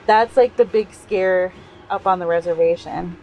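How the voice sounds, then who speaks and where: A woman's voice: lowish voice, measured pace, darkish tone. A woman from North Minneapolis casually telling a true scary story in a chatty, rambling way with lots of fillers. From North Minneapolis, USA. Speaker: caller sharing a true story.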